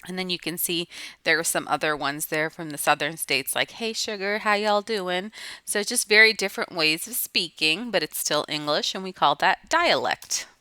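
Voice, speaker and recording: A woman's voice: low-pitched, moderate pace, bright, forceful tone, dry recording. A woman teacher giving a recorded lesson to students, explaining patiently and restating each point.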